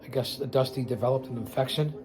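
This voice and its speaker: A man's voice: mid-range voice, quick pace, music in the background. A man hosting an online show, talking casually over a documentary he is watching and speaking straight to his viewers. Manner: conversational, talks straight to viewers, turns somber and emotional. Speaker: show host.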